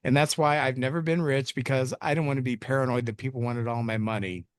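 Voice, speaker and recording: Talking fast in a steady, medium-pitched, clear and resonant voice, a man recaps a movie for the film review podcast he co-hosts. He rambles, jokes and teases himself in casual chat. The studio-quality recording carries no echo.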